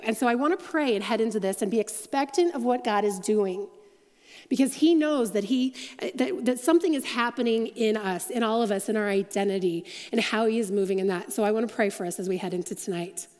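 A woman on a church's staff giving a sermon in a large auditorium, telling stories in a chatty, self-deprecating way with quick asides. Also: mid-range voice, darkish tone, in a large hall.

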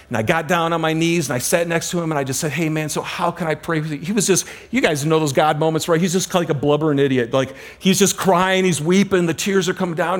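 A man preaching a sermon as a pastor, telling stories with dramatic slowdowns and hushed emphasis. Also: a little high.

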